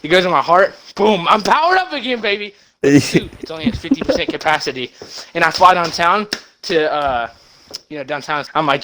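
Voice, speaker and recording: A young man retelling a movie plot as a rambling comic story, excited and short of breath, with sudden loud bursts. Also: fairly high pitch, a little fast, background noise.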